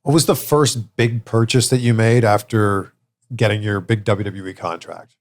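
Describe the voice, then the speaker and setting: A man's voice: fairly low pitch, fairly even intonation, normal speed. Man asking short interview questions. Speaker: interview host. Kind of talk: casual sit-down interview.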